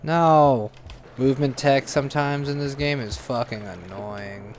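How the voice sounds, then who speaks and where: A young man narrating his own gameplay in a casual, tense way, swearing often and breaking into jumpy outbursts. His voice sits at a middle pitch. A faint ambient hum runs under the recording. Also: moderate pace. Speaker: gaming channel host.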